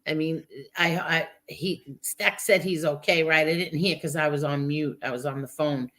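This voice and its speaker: A woman's voice: low voice, steady tone, moderate pace, a bit bright. A woman co-hosting a casual livestream podcast, speaking in an emphatic, indignant way. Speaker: podcast co-host.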